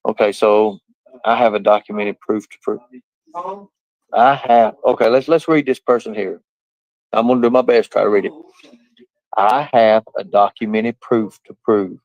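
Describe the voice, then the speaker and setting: A man's voice: fairly low pitch, normal speed, pauses often, darkish tone, no echo, highs cut off. A man hosting a livestream, ranting in a boastful, profane, mocking way. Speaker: livestream host. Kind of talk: casual livestream rant.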